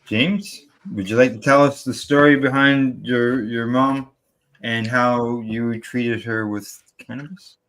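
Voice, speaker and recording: A man's voice: mid-range voice, fairly even intonation, slow pace, fairly bright tone. A man hosting a talk radio show, introducing guests loosely with frequent fillers.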